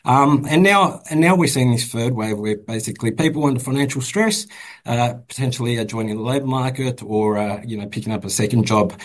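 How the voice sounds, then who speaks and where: A man's voice: medium pitch, fairly quick, rough recording. A man with an Australian accent, a bank economist answering interview questions with many fillers and restarts. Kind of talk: casual interview commentary.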